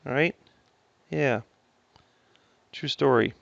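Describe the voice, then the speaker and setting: A man's voice: mid-range voice, slow pace, vocal fry, fairly bright tone, dry recording, lo-fi sound. A man teaching math to a class, joking with the students and stopping often to correct himself. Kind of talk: classroom lecture.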